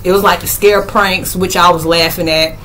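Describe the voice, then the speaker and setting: Animated woman telling stories with laughs. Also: moderate pace, a little hiss or hum, low-quality recording. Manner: animated, laughs often, acts out quotes in high squeals. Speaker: spiritual vlogger. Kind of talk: casual storytelling monologue.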